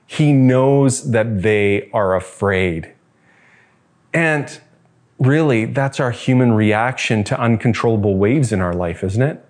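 A man's voice: mid-range voice, takes it slowly, a little mellow. A man preaching a sermon as a pastor, conversational and reflective, drawing listeners in with rhetorical questions.

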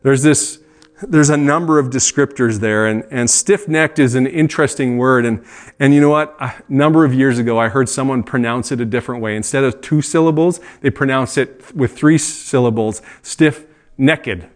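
A man's voice: mid-range voice, fairly quick. Conversational male pastor preaching. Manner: earnest, conversational preaching with asides and self-corrections. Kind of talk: sermon.

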